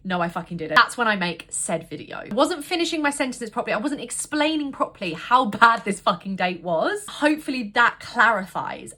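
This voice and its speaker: A woman's voice: mid-range voice, bright, forceful tone. A woman telling a bad-date story to camera in a casual vlog, exasperated and swearing a lot. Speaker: vlogger.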